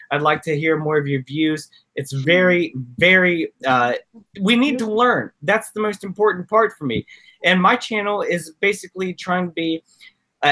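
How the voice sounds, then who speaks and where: A man's voice: fairly high pitch, sharp tone. A man on a casual online panel, speaking earnestly and at length. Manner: earnest, heartfelt, rambling. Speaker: panel guest.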